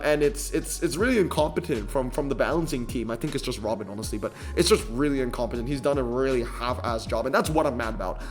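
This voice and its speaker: A man giving irritated gameplay commentary, ranting in an animated way with frequent fillers and restarts. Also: on the high side. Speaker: mobile racing game commentator.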